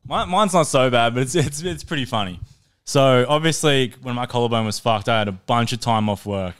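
On a podcast studio mic, a young man who co-hosts the show laughs his way through a long, profane story told in an easygoing manner. His voice sits at medium pitch, clear and resonant, and moves a little fast.

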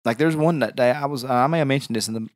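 A man's voice: mid-range voice, fast, no room sound, studio quality. A man, hosting a podcast and telling rambling stories with frequent restarts. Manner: rambling storytelling with many restarts. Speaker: podcast host. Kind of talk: casual chat.

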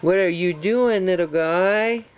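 A man, a father, introducing his baby on a home video and cooing to him in gentle baby talk. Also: sits high, slow pace, muffled recording, soft background music.

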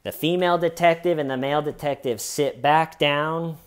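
A man's voice: fairly high pitch, normal speed, clear, resonant tone. A man casually retelling an interrogation, putting on the voices of the people he quotes. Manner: animated storyteller, mimics the people he quotes. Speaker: true crime commentator.

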